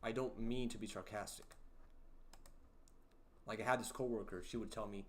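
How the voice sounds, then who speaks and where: A man hosting a casual livestream, talking slowly in a low-key way with lots of fillers that can come across as sarcastic. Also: steady tone, a little hiss or hum. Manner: slow, low-key talk with many fillers, sounds sarcastic. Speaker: livestream host.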